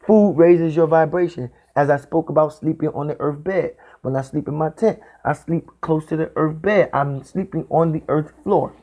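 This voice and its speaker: A man's voice: a little high, mellow. Emphatic man preaching a spiritual talk. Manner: repetitive, emphatic, drawn-out phrasing. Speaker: spiritual speaker. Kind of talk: preaching monologue.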